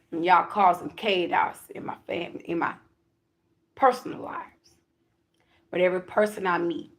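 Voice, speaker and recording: A woman's voice: fairly low pitch, vocal fry. A woman talking casually and emphatically to her viewers as a spiritual reader. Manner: chatty, emphatic, addresses viewers directly.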